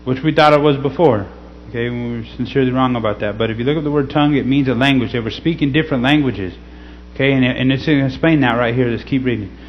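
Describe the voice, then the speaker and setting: A man reading scripture slowly and teaching in a casual way, often checking in with "okay?". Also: mid-range voice. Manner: slow, deliberate scripture reading. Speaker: pastor. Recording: slightly dull recording with faint hum.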